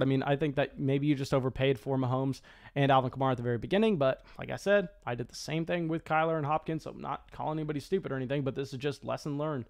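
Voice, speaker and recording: A man giving live commentary on a fantasy football auction draft, talking quickly and excitably with frequent stammered restarts. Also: mid-range voice, vocal fry.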